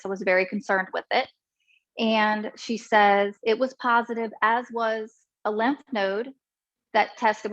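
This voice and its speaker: A middle-aged woman speaks openly in an interview, her voice set fairly high. She tells her story frankly and with energy. The recording sounds dull and lo-fi. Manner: frank and animated, acts out others' voices in quotes. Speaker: interview guest. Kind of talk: candid conversational storytelling.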